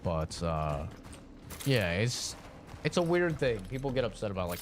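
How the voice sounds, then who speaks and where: A man's voice: fairly low pitch, big pitch swings, measured pace, slight background noise. A man streaming a game, chatting in a rambling, casual way full of fillers. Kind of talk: live-stream gaming commentary.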